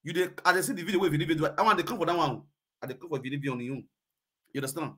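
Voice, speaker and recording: A man's voice: a little high, rapid-fire, sharp tone, slightly rough. A man with a Nigerian Pidgin accent hosting a live video chat, ranting emphatically and repeating himself. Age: adult.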